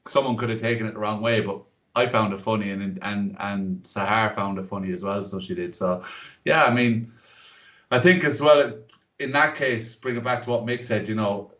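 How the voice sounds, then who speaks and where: A man's voice: on the low side, fairly even intonation, normal speed, a bit bright, dull audio. Man telling stories, distant roomy mic. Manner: laughing anecdotal storyteller. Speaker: podcast co-host. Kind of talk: casual storytelling chat.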